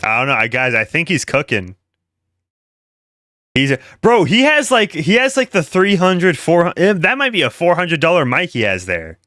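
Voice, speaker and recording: A man's voice: on the high side, very animated, normal speed, bright, forceful tone, no room sound, clean studio sound. A man hosting casual commentary, rambling with many fillers and asides to his viewers. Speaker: commentary host.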